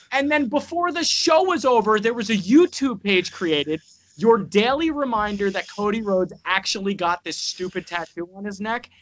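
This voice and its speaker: A man hosts a casual podcast, animated and profane as he rants. His voice is bright and forceful. The sound is a little dull and lo-fi. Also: high-pitched, normal speed. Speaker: podcast host.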